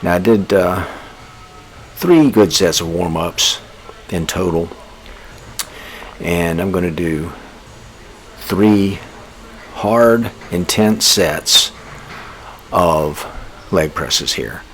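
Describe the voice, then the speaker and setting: A man's voice: low-pitched, very slow, long pauses, fairly bright tone, slight background noise. A man in his sixties hosting a fitness vlog, chatting to viewers in a casual, folksy way. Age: 60s. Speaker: fitness vlogger. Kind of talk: casual workout vlog chat.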